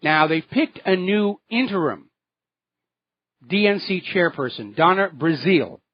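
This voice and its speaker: Male talk radio host, fairly high voice, sarcastic and indignant, dry and slightly dull broadcast sound. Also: expressive, a little slow, dry recording. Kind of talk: political talk radio commentary.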